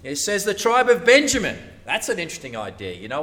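A man preaching a sermon, animated and conversational, often acting out the voices of churchgoers. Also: high-pitched, quick pace, hardly any pauses, distant mic.

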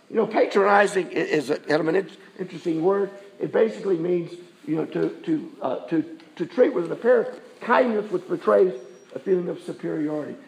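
A man's voice: high-pitched, creaky. A male pastor giving a conversational sermon in a church, often asking the congregation rhetorical questions.

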